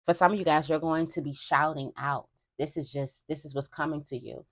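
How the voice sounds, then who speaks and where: A young woman with a low, grounded voice speaks straight to her viewers in a spiritual reading. She talks in a loose, conversational flow, circling back and repeating phrases for emphasis. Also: steady tone, a little fast. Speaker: tarot reader.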